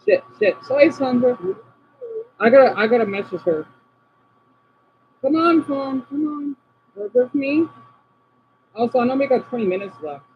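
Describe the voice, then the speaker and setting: Lively-pitched American man, rambling streamer. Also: normal speed, pauses often. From United States. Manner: scattered, rambling, reacts to chat aloud. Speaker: livestreamer. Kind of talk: casual live stream chat. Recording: dull lo-fi with faint hum.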